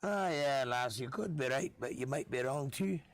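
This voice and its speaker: A man's voice: mid-range voice, lively intonation, moderate pace, natural voice. A man putting on a folksy man with a broad brogue who teases a lass. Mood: teasing.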